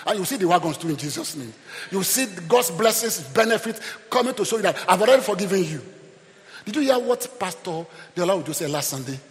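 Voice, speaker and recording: A high-pitched male preacher delivers a lively sermon in a church hall, his voice ringing with a long reverb. He swings between soft reading and loud, shouted peaks as he acts out the people of the story. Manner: animated, shouting peaks, acts out Bible characters.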